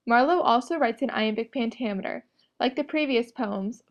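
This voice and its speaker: A woman reading a prepared script, presenting an educational narration in an even, explanatory way. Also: a little high, normal speed, dull audio.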